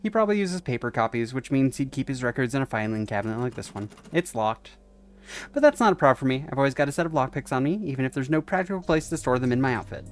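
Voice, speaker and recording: A man's voice: mid-range voice, expressive, fast talker, close to an everyday voice. A man reading as a cool, confident young woman sneaking through a stealth mission. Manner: cool, self-assured, matter-of-fact. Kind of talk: reading visual novel dialogue aloud.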